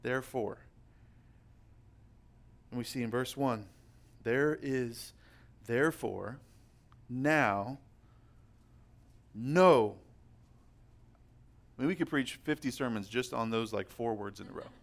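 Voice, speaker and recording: A young man preaching a sermon as pastor, emphatic and slowing down to stress key words. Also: medium pitch.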